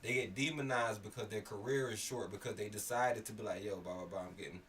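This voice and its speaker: A man from Miami telling stories in casual chat, animated and swearing, getting loud when worked up. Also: fairly low pitch, fast. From Miami area. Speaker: podcast co-host. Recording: slightly distant mic, faint background noise.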